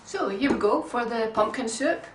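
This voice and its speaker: A woman giving a relaxed, homely cooking demonstration in her kitchen, chatting along with frequent ums. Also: fairly high pitch, normal speed, a little hiss or hum. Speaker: home cook. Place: home kitchen. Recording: roomy kitchen sound from a distant mic.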